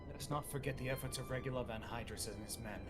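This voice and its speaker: A man reading game text as a solemn narrator with measured, archaic phrasing. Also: mid-range voice, music in the background, natural voice.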